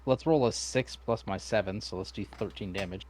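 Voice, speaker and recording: Male player, easygoing, lower voice, thinks aloud. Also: normal speed, a little mellow, slight background noise. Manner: casual, talks through dice math aloud. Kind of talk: casual tabletop game chat.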